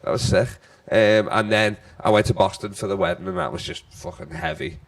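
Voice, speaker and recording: A man's voice: fairly low pitch, a little fast, vocal fry, no room sound. A man from the UK, a comedian guest, chatting loosely and swearing freely as he tells rambling stories. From United Kingdom. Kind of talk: casual podcast chat.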